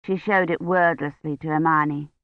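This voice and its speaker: A woman narrating an audiobook in a measured, steady way. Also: low voice, no room sound, lo-fi sound. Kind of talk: scripted narration.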